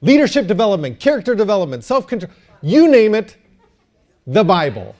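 A man preaching a sermon to his church, animated and joking, often asking the crowd for an amen. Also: high voice, brisk. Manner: animated, joking, calls for amens. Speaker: pastor.

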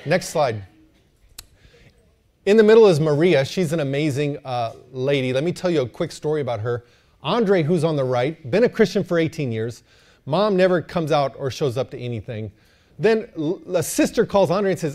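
Lively male pastor, higher voice, joking preaching style. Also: normal speed. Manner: animated, joking, calls for amens. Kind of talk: sermon.

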